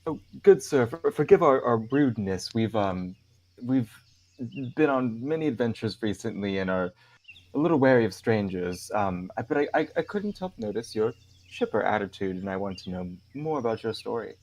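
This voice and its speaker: A man playing a changeling rogue in his own low voice, overly courteous with a sarcastic edge, over a video call. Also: expressive, normal speed, a little mellow. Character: polite, cheeky changeling rogue.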